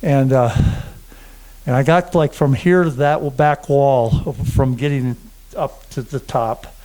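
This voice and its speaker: A man giving a halting personal testimony to a conference audience, full of fillers and restarts. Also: medium pitch, steady tone, dark tone, rough recording. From German family. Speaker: conference speaker. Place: conference room before an audience.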